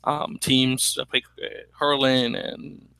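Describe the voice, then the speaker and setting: A man's voice: mid-range voice, level tone, slow pace, gravelly, crowd noise. A man co-hosting a sports podcast, chatting casually with hesitant fillers and restarts. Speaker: podcast co-host.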